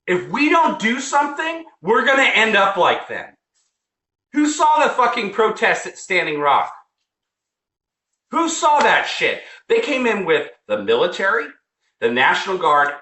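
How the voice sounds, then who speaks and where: Man, angry political rant, bright forceful voice, lively swinging pitch, roomy echo. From United States. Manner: heated, profane, repeats himself. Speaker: vlogger.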